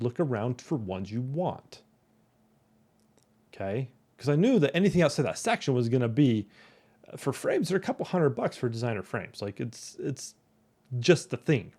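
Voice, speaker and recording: A man's voice: medium pitch, sing-song, moderate pace, warm tone. A man telling a casual, rambling story as the host of a motivational talk, often tagging his sentences with "right?". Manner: rambling, keeps asking "right?".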